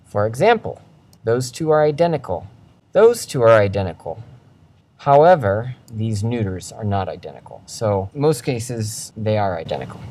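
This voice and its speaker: A male teacher delivers a recorded lecture in a clear, patient way. He walks through slides step by step and says example phrases aloud, lifting and dropping his pitch to show the difference. His voice sits at an ordinary middle pitch. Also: darkish tone, rough recording. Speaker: language teacher.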